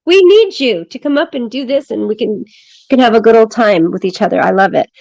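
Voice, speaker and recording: A woman's voice: on the high side, expressive, a little fast, vocal fry, darkish tone, no room sound, poor audio. A woman from the US West Coast chatting as a livestream guest, bubbly and jokey, laughing often. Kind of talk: casual live-stream chat.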